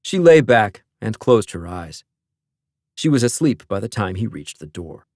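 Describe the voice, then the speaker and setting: A man reading an audiobook as narrator, in a measured storytelling manner. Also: lowish voice, big pitch swings, darkish tone, no room sound, studio quality. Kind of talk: scripted narration.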